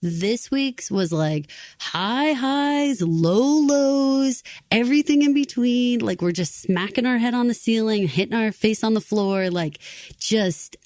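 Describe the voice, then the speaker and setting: A woman's voice: on the high side, normal speed, no room sound, clean studio sound. A woman co-hosting a podcast, talking expressively and casually about a TV episode. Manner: expressive, chatty, uses many fillers like 'like'. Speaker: podcast co-host. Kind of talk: casual TV recap chat.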